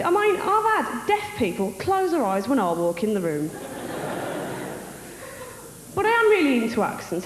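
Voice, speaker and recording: Cheeky Black Country woman comic. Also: on the high side. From Wolverhampton, England. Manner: chatty, cheeky, brash. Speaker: stand-up comedian. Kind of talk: stand-up routine. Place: comedy stage in a hall. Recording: roomy hall reverb, faint hiss.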